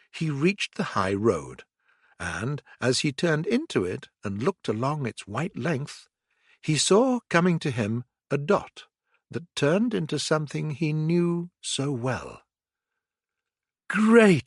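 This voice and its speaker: Slow, clear male storybook narrator. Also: medium pitch, very animated, no room sound, studio quality. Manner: slow, deliberate reading for learners. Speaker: audiobook narrator.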